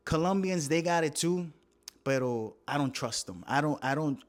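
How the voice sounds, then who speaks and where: A man's voice: a little high, animated, moderate pace. A man with a Puerto Rican accent, hosting a comedy podcast in a casual, profane rant that switches between English and Spanish. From Puerto Rico. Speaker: podcast host.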